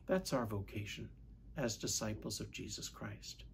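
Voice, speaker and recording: A man, a priest, giving a measured, reflective Sunday homily and asking questions of his listeners. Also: on the low side, expressive, vocal fry, husky. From United States.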